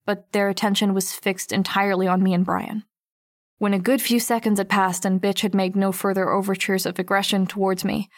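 A woman's voice: medium pitch, no echo, studio quality, lightly acted. A woman voicing a wary teenage girl narrating her story. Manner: steady, tense storytelling. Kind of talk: first-person audiobook narration.

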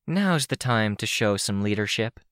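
A man reading an audiobook, voicing a sly, sharp-witted young woman in a teasing, knowing way. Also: lowish voice, animated, normal speed, no echo, clean studio sound, pitched above the performer's own voice.

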